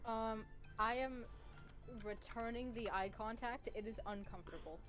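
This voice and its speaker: A woman playing in a tabletop game, chatting casually with a wry, relaxed manner. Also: a little high, normal speed, soft background music. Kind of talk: casual chat.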